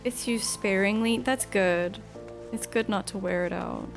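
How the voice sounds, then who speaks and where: A woman's voice: mid-range voice, unhurried, faint music behind. A woman streamer chatting casually over gameplay, rambling and self-mocking while reading dialogue aloud.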